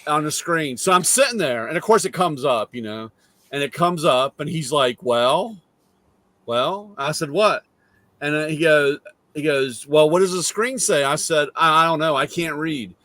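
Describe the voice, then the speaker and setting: A man in casual conversation, spinning a wry, deadpan anecdote and putting on the other people's lines as he goes. His voice sits a little high, and it is recorded close and dry with no room sound. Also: moderate pace, no room sound. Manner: wry, deadpan storyteller acting out dialogue. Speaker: host. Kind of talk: casual storytelling chat.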